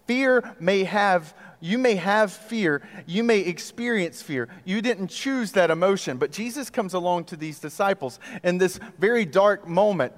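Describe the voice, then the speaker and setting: A man delivers a sermon with a fairly high voice and an easy, conversational way of preaching. He leans on rhetorical questions and dramatic pauses. His words ring out in a large hall with long reverb. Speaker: pastor.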